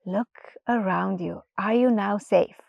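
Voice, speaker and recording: Woman playing a wise old mother frog, soft, slow, patient, storybook guide. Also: mid-range voice, vocal fry, dry recording, muffled recording. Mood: calm. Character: wise calm female frog, a gentle guide.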